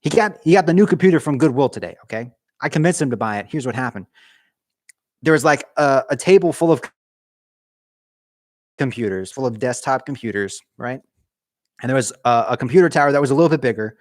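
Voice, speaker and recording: A man's voice: mid-range voice, animated, brisk, pauses often, darkish tone, dry recording. Rambling, jokey male livestreamer in a dry garage. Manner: rambling, jokey, self-mocking. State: cold. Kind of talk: casual livestream chat. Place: home garage.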